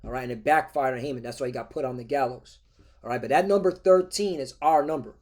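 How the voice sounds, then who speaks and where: A man's voice: medium pitch, quick pace, darkish tone. A man preaching a scripture-reading sermon, reading verses aloud and breaking in with constant "all right? okay?" check-ins, in a combative tone.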